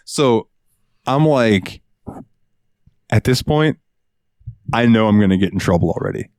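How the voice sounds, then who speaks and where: A man co-hosting a podcast, telling a work story in an animated, profane, casual way. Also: fairly low pitch, measured pace, long pauses, no room sound, studio quality. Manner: animated, profane, swings into voices. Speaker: podcast co-host.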